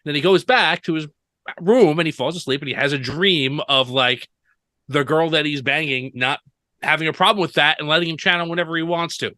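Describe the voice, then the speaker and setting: A man's voice: fairly high pitch, brisk, pushed and bright, no echo. A man co-hosting a podcast, chatting casually and retelling scenes in long rambling runs full of fillers. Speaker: podcast co-host. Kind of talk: casual chat.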